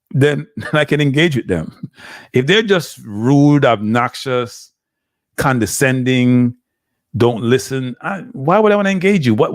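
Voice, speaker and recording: A man's voice: a little high, dry recording, studio quality. A man with a Jamaican accent hosting a live stream, talking casually and switching between standard English and patois. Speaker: live show host.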